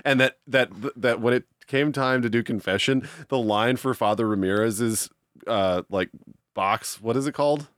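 A man co-hosting a casual podcast, animated, laughing often and swearing freely. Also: mid-range voice, normal speed, no room sound, studio quality. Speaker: podcast co-host. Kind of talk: casual chat.

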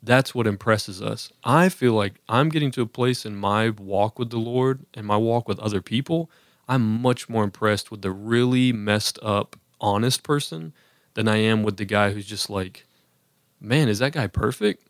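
A man's voice: lowish voice, normal speed, no echo, clean studio sound. A man in casual conversation on a podcast, talking earnestly about faith with lots of fillers and restarts. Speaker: podcast co-host.

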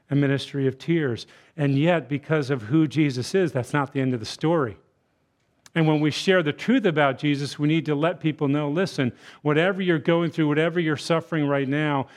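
A man preaching a sermon in church, moving between hushed, tender passages and loud, bellowing emphasis, and acting out voices for effect. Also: a little high. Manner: acts out quoted voices for effect. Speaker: guest preacher. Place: church sanctuary.

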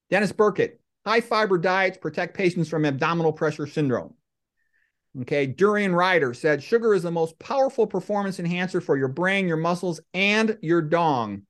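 A middle-aged man hosting a podcast, telling comic stories in a deadpan, rambling way with lots of asides. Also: high voice. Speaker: podcast host. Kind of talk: comic monologue and storytelling.

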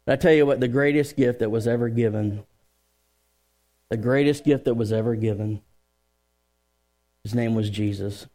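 A man's voice: medium pitch, moderate pace, long pauses. A man preaching a sermon in church as pastor, joking with the crowd and telling family stories before turning to scripture. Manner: joking, storytelling, lively crowd work.

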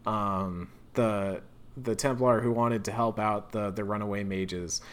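A man with a fairly low voice talks through a game's story on a casual podcast. He laughs easily, drops the odd curse, and slips into quick character voices. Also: fairly even intonation, smooth. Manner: laughing, swearing, acts out characters. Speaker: podcast co-host. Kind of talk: casual game recap chat.

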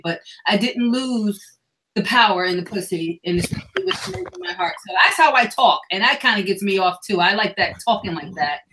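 A woman's voice: medium pitch, noisy background. A middle-aged woman speaking frankly and earnestly as a guest on a candid panel discussion. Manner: frank, sexually explicit, earnest.

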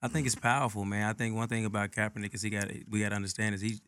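A man's voice: fairly low pitch, flat delivery, racing, fairly bright tone, clean tone, no room sound. A man in a music group talking casually in an interview, laid-back and agreeable. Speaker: group member.

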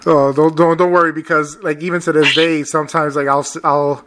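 A man hosting a casual interview, eager and chuckling often, with many halting restarts as he asks questions. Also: a little high, level tone, fairly bright tone. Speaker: podcast host.

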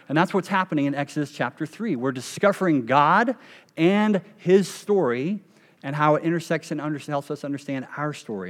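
A man preaching a sermon as pastor, emphatic, slowing down and dropping to a hush on key phrases. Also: medium pitch. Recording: long reverb of a church hall.

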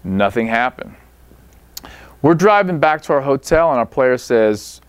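Animated man telling a coaching story. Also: medium pitch, moderate pace, smooth, no room sound. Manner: animated anecdote-telling with voiced quotes. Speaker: basketball coach.

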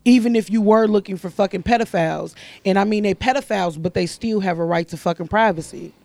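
A woman co-hosting a casual group chat, loud and emphatic, swearing heavily. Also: mid-range voice, quick pace, creaky, no room sound.

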